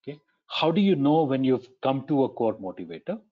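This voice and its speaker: Husky-voiced man giving a webinar talk. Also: mid-range voice, big pitch swings, fairly quick, narrow, tinny audio. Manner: poses rhetorical questions, then answers them; keeps checking in with "right?". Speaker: webinar presenter.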